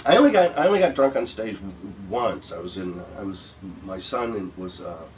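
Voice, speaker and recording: An older comedian from Michigan, telling profane anecdotes in a casual interview and acting out quotes. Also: male voice, low-pitched, animated, moderate pace, a little mellow, far from the mic, slight background noise, poor audio. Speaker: guest comedian. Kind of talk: casual storytelling chat.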